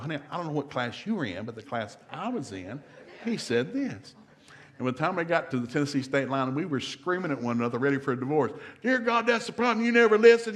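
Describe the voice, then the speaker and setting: A middle-aged man with a Southern US accent, giving a humorous marriage seminar in a church and acting out the voices in his stories. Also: medium pitch. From American South. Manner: fast-talking storyteller acting out quotes. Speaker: seminar speaker. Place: church hall.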